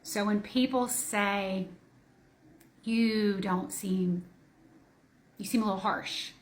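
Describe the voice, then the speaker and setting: A woman's voice: medium pitch, steady tone, takes it slowly, pauses often. A woman caregiver speaking in a weary, subdued, plain-spoken way about her stress. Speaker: family caregiver. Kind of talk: personal reflection to camera.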